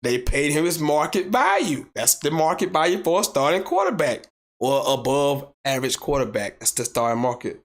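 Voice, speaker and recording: Animated high-voiced man hosting sports talk. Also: normal speed. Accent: Southern American. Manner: animated, repeats points for emphasis, rising to near shouts; reads viewer comments aloud and argues back. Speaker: sports podcast host. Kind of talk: solo sports talk show.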